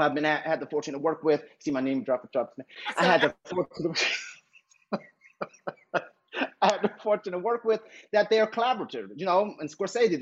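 Animated middle-aged man, husky voice. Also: on the high side. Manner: animated, acts out quoted voices, laughs easily. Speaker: actor, guest. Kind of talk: casual interview talk. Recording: muffled, dull lo-fi audio.

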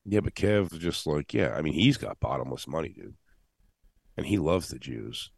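A man's voice: a bass voice, animated, normal speed, creaky, darkish tone, no room sound. A man co-hosting a casual comedy podcast, telling laid-back, dry anecdotes. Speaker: podcast co-host.

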